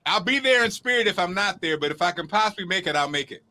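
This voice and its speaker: A man's voice: sits high, animated, quick pace. A man hosting a talk show, hyping up and encouraging a guest with laughter. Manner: warm hype, laughing, encouraging. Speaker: show host. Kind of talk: casual show banter.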